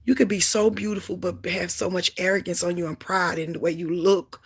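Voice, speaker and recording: A woman sharing a Christian testimony in a preaching style, fervent and emphatic, swinging between loud exclamations and low asides. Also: fairly even intonation, fairly quick, slightly rough. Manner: emphatic repetition.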